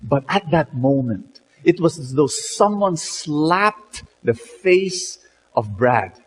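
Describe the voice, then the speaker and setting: A man's voice: fairly high pitch, expressive, takes it slowly, husky, big-room sound, poor audio. A man telling a story in a sermon, dramatic, with many repeated words and "you know"s.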